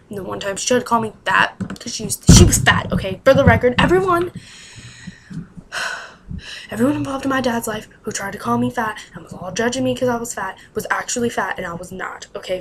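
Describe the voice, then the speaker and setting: A woman's voice: a little high, brisk, noisy background. A young woman telling a personal story to camera in a casual, rambling way, with lots of "like" and exasperated asides. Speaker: vlogger.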